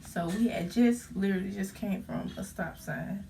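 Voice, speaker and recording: A young woman retelling a frightening car crash in a casual storytime vlog, halting and full of fillers as she holds back tears. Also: medium pitch, mellow, far from the mic, slight background noise. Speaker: vlogger.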